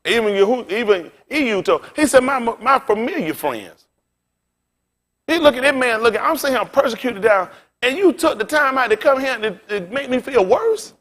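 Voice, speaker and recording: A man preaching a sermon as pastor, in a casual style with big swings in pitch and loudness and direct asides to the congregation. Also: expressive, brisk.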